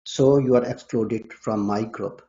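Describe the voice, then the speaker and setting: A man discussing linguistics on a podcast in a measured, lecture-like way. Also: fairly low pitch, steady tone, dark tone, muffled recording. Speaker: linguistics scholar.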